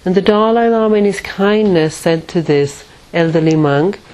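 A woman meditation teacher giving a spiritual talk in a measured, reflective way, pausing often. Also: lowish voice, a little mellow, low-quality recording. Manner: measured and reflective, with many pauses.

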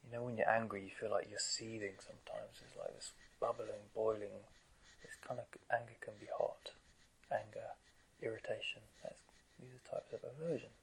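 A man giving a gentle, conversational dharma talk to meditators as their teacher, often asking rhetorical questions. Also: on the low side, steady tone, moderate pace, creaky, slight background noise, rough recording.

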